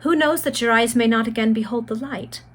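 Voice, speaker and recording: A devoted young gentleman pleads earnestly at a sickbed, voiced by a woman reading aloud. The voice stays close to her plain storybook tone. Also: fairly high pitch, brisk, lightly acted. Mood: pleading. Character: young man, noble and devoted.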